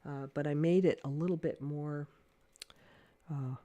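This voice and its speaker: A woman demonstrates watercolor painting in a relaxed livestream, her voice mellow and warm. She thinks aloud, hesitating and correcting herself, and speaks in a gentle, encouraging way. The sound is dry and close, with no room echo. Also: deep voice, unhurried. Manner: chatty, thinking aloud, hesitant with many fillers. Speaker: watercolor art teacher.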